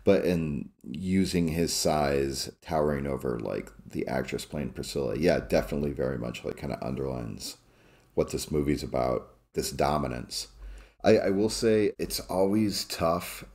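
A man with an extremely low, deep voice, co-hosting a podcast. He is from the American Midwest and talks in a measured, thoughtful way, with plenty of fillers and hedges. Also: darkish tone. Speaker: podcast co-host. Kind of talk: casual podcast chat.

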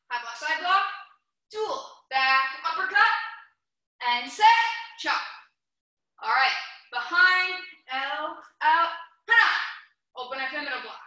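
A woman teaching a martial arts class in an echoey indoor training hall, her high, very bright voice bouncing off the walls. She takes her time, calling out short commands one by one and breaking into sharp yells to show the class how it is done. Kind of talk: coaching a class through drills.

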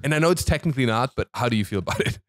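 A playful man hosts a comedy podcast, asking questions and laughing often. His pitch swings widely, and the sound is dry and close to the mic. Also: animated, rapid-fire, fairly bright tone, no room sound. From Germany. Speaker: podcast host. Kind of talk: casual comedic chat.

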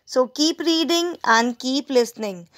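Woman teacher, high voice, slow storytelling pace, explains words, asks students questions. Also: lively intonation, fairly bright tone. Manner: explains word meanings to students. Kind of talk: reading a story aloud to students.

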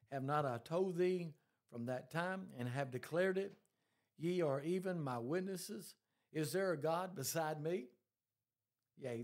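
A man preaching a sermon, emphatic and quoting long scripture passages in a measured cadence. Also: on the high side, a little mellow. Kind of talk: scripture-based sermon teaching.

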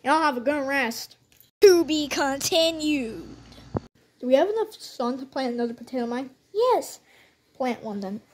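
A high-pitched woman voicing a whole cast of toys in playful role-play. She talks in a slow, unhurried rhythm, full of excitable outbursts and shooting noises. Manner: bouncy, excitable, frequent sound effects. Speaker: toy video creator voicing every character.

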